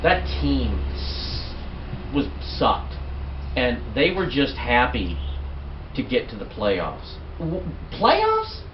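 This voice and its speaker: A man's voice: mid-range voice, huge pitch swings, slow, a little hiss or hum. A man co-hosting a casual sports chat, joking and often trailing off mid-sentence. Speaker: co-host. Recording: distant, echoey, muffled home recording.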